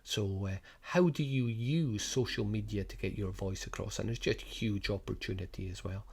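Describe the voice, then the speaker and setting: Highland Scottish man explaining a coaching programme. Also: moderate pace, a little mellow, slightly rough. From Scotland. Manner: rambling, many restarts and rhetorical questions. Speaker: sports business coach. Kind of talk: informal spoken programme overview.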